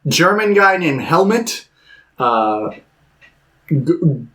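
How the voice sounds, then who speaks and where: A man co-hosting a podcast, chatting casually about films, acting out scenes in high voices and laughing often. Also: sing-song, extremely slow, fairly bright tone. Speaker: podcast co-host. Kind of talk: casual film chat.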